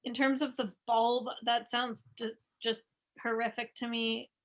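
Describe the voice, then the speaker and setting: A woman's voice: on the high side, level tone, measured pace. A pregnant woman talking candidly and casually about her birth plans, swearing freely. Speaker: expectant mother. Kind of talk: casual conversation.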